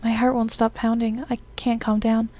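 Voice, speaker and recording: A woman reading the lines of a shy, bookish young woman from a game, soft and hushed. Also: on the high side, little pitch movement, moderate pace, close to an everyday voice. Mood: flustered.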